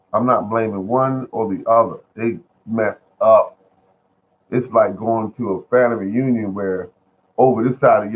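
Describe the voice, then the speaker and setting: A man rambling casually to his viewers from home about gardening bargains, repeating himself and calling them folks. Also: fairly low pitch. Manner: chatty, repetitive, addresses viewers as folks. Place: at home, indoors. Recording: phone-like lo-fi sound.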